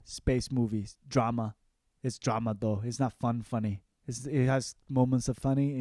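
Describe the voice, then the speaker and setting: A young man rambles through a comedic monologue, swearing freely as he riffs on movies. His voice is dark and mellow. The recording is dry and close, with no room sound. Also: mid-range voice, no echo. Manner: profane, rambling, mimics movie lines. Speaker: podcast host.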